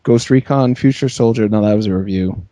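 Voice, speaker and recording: A man hosting a casual comedy podcast, playful and quick to laugh, riffing on his co-hosts' jokes. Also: lowish voice, mellow, dry recording. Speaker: podcast host.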